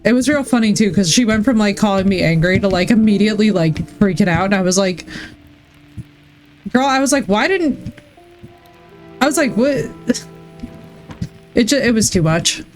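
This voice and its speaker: A woman's voice: mid-range voice, lively intonation, moderate pace, long pauses, a little mellow. A woman streams from her home setup, chatting casually into a desk mic while she plays. She rambles through stories and swears freely, with faint music underneath. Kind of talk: casual chat while gaming.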